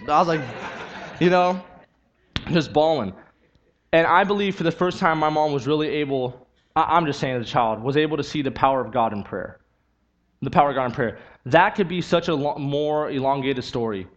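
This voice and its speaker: Young guy preaching his testimony, kinda high voice, earnest, repeats stuff for emphasis, muffled lo-fi sound. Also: fairly quick. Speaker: youth preacher. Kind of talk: sermon with personal testimony. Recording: dull lo-fi recording.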